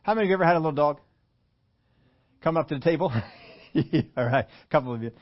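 A man's voice: fairly high pitch, expressive, fairly quick, highs cut off. A male pastor giving a conversational sermon, reading scripture and asking the congregation rhetorical questions with humorous asides.

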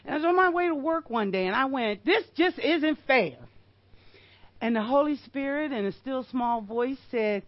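A woman's voice: high-pitched, lively intonation, moderate pace, no room sound, dull audio. An older woman giving a sermon, emphatic and storytelling, with rhetorical questions.

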